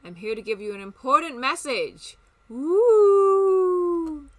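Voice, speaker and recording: A woman's voice: medium pitch, lively intonation, fairly quick, pushed and bright. A woman voicing the spirit of a dead man who delivers a grave prophecy. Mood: solemn. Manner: grave prophetic, interrupted by coughing.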